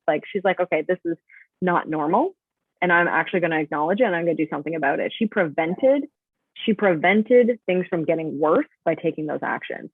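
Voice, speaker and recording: A woman tells a story with lively bursts of speed. Her voice comes through a thin, phone-like video call line, dry and close. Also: fairly low pitch, husky, dry recording. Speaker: guest. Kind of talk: casual interview storytelling. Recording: tinny dry call audio.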